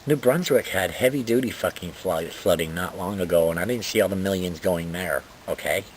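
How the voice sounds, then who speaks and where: A man's voice: low voice, fairly quick, slight background noise. A man ranting indignantly about politics, reading items from notes and swearing often. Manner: indignant, profane, exasperated. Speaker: political vlogger.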